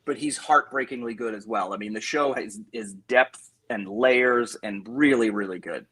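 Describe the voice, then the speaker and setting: A man's voice: medium pitch, normal speed, fairly bright tone, husky. A man who grew up in England and now speaks with a mostly American accent with English traces, chatting as an actor guest on a podcast. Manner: chatty storyteller, frequent restarts and asides. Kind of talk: casual podcast interview.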